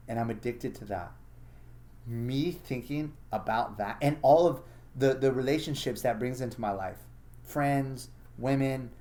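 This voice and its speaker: A man's voice: mid-range voice, a little mellow. A man hosting a casual solo monologue, blunt and profane, acting out his own inner thoughts as he talks. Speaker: podcast host.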